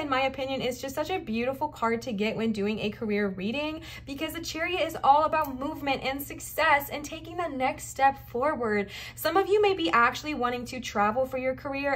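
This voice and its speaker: A young woman from the Southern United States doing a casual tarot reading to camera, chatty and emphatic, piling on encouragement with quick asides. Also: sits high, fairly bright tone. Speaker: tarot card reader.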